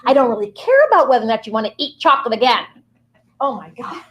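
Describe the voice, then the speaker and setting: A woman's voice: fairly high pitch, animated, fast talker, fairly bright tone, highs cut off. A woman guest delivering a playful, rambling comic monologue in character, with sing-song asides.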